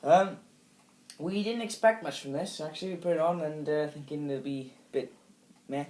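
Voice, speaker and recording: A man's voice: on the high side, normal speed, a little mellow. Chatty young British man, echoey room. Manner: chatty and earnest, trying to steer the talk. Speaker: film reviewer. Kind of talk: casual chat. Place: indoor room. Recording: echoey room with faint background noise.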